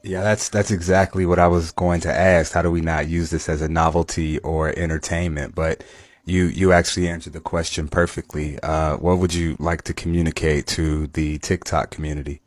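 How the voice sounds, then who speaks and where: A man's voice: a bass voice, little pitch movement, moderate pace, no room sound. A man interviewing a guest in a casual, friendly, effusive way.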